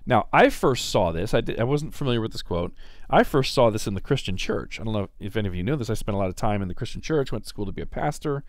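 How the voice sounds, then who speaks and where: A man's voice: lowish voice, animated, fast, dry recording, studio quality. A man hosting a solo podcast, giving blunt, emphatic, opinionated commentary. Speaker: podcast host.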